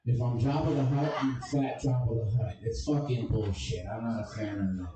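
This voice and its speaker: A man's voice: mid-range voice, steady tone, moderate pace. A man doing a stand-up comedy set with crude, abrasive and self-deprecating jokes. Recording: echoey room, distant mic, crowd audible.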